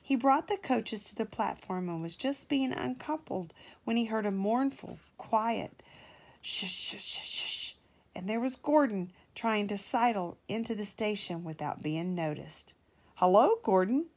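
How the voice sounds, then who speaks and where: A woman, a mother, reading a children's storybook aloud to her child in a gentle, measured way. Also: medium pitch, animated.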